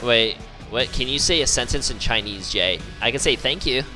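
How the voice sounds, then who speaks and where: A man's voice: mid-range voice, normal speed, music in the background. A male streamer chatting casually and joking around, repeating words as he tries out pronunciations.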